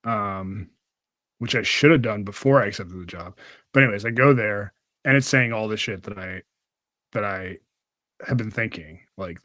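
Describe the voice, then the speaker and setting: A man's voice: lowish voice, measured pace, pauses often, no room sound. A young man hosting a podcast, chatting casually, with a rambling, profane way of talking and lots of fillers. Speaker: podcast host. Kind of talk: casual chat.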